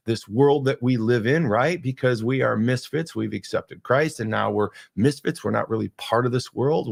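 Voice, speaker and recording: An earnest man hosts a podcast, rambling through a faith monologue. His voice has a gravelly edge at a mid pitch, and he often stops and restarts his sentences. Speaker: podcast host.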